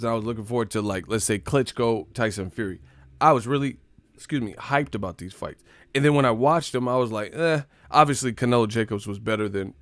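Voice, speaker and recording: A man's voice: fairly low pitch, no room sound. A man hosting a live stream, casually reacting to chat with profane, mocking commentary.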